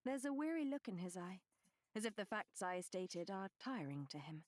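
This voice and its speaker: A woman reading a first-person novel as an audiobook narrator, measured and expressive. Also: mid-range voice, no room sound, clean studio sound.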